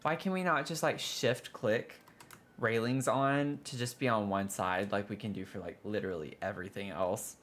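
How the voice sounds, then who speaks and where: Speaking on the low side with a slightly bright tone, a man streams a building game at a moderate pace, with a faint hiss or hum in the audio. He's chatty but frustrated, complaining about bugs and groaning theatrically whenever something goes wrong.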